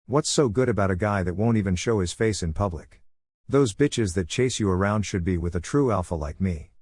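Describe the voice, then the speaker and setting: A man's voice: low voice, animated, fairly quick, a little mellow, husky, no echo. A man voicing a cocky, taunting teen ninja boy. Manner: boastful, taunting.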